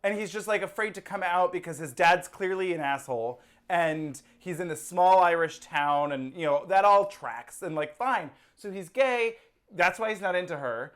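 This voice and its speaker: A woman co-hosting a casual movie review chat, with a fairly low voice for a woman. She talks in a relaxed way, laughing along and thinking her points through out loud. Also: normal speed. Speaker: podcast co-host, movie reviewer.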